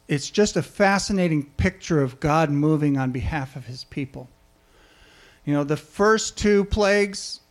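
A man delivers a sermon in a high-pitched voice. He keeps it conversational and often turns to his listeners with questions. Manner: conversational, asks the audience questions. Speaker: preacher.

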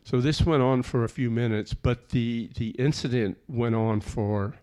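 A man's voice: mid-range voice, steady tone, a little slow, warm tone. A man telling a personal testimony in an earnest, plainspoken storytelling way. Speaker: speaker giving a personal testimony.

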